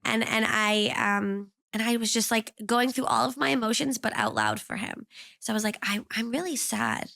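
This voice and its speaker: A woman's voice: a little high, expressive, moderate pace, creaky, bright, forceful tone, dry recording, studio quality. A woman in her thirties, a guest speaking about her own parenting in a casual, reflective way, full of fillers and restarts. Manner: rambling, reflective, many fillers. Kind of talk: casual conversational interview.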